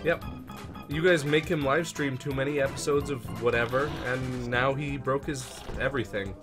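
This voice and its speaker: A man's voice: medium pitch, fairly even intonation, normal speed. A man co-commenting a game, dry and teasing, playing along with a mock Russian accent. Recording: game music playing behind.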